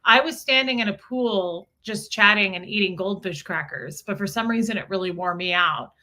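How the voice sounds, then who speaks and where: A woman's voice: medium pitch, moderate pace, sharp tone. A young woman co-hosting a live stream, chatting casually and greeting viewers by name.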